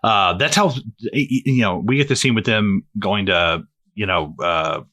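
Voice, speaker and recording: Animated man riffing on a film. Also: on the low side, normal speed. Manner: animated, swears freely, acts out quoted lines. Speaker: podcast co-host. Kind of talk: casual movie podcast chat.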